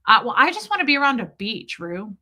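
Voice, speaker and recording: Middle-aged woman streamer, bright tone, slightly high, chatty storyteller reading chat. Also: fast talker. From United States. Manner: chatty, animated storytelling, reads chat comments aloud. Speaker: livestream host. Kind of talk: casual livestream chat.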